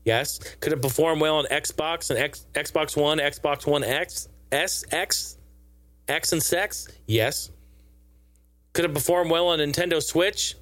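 A man's voice: on the high side, slow pace, fairly bright tone, dry recording. A man giving casual, profane and sarcastic gaming news commentary in a rambling way.

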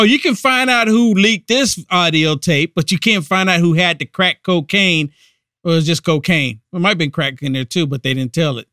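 A man's voice: high voice, pushed and bright, dry recording, studio quality. A man hosting a political podcast, giving indignant, emphatic commentary. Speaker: podcast host.

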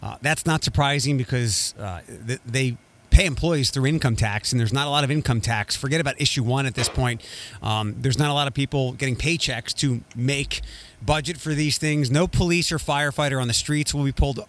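Halting man in casual podcast chat. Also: medium pitch, a bit bright. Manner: rambling, halting restarts. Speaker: podcast co-host.

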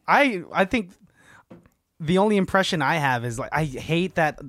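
A man co-hosting a casual chat, animated and quick to laugh as he tells stories. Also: a little high, dry recording. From Filipino family. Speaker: podcast co-host.

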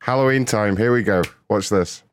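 A British man hosting a prank-call stream, talking in a profane, mocking, excitable way. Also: on the low side, normal speed, very noisy. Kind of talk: casual live-stream chat.

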